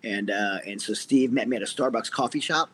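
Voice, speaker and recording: A man's voice: mid-range voice, fairly quick, fairly bright tone. A middle-aged man, a military veteran, earnestly telling his personal story as an interview guest, with many restarts.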